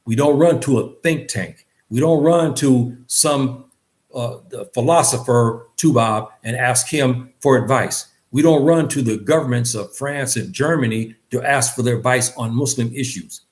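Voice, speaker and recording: Earnest male teacher giving a faith lesson, mid-pitched voice, repeats himself and lifts pitch for emphasis. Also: a little slow. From West Africa. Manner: earnest, repeats phrases, pitch rises on key points. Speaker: religious teacher. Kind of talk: lecture.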